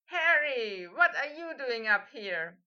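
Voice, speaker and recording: A woman's voice: high voice, lively intonation, moderate pace. A woman reading an audiobook, voicing a curious teenage boy student who asks questions, on a slightly muffled recording. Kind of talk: audiobook fan fiction reading.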